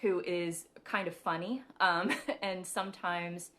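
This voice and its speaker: Casting: young woman host of a live spiritual show, low-pitched, chatty, laughs easily, lots of fillers. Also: slow pace, a bit bright. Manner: chatty, giggly, many ums. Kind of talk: casual live-stream talk.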